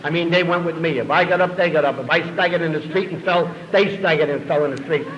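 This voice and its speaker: A man telling his recovery story to an audience as a lively, self-mocking comic storyteller, in a dull lo-fi recording. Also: on the high side, fast talker, a little hiss or hum. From New York City.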